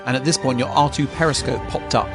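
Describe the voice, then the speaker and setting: A man's voice: medium pitch, steady tone, quick pace, music in the background. A man from England with an English accent, a podcast guest joking in a dry, teasing way. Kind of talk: casual podcast chat.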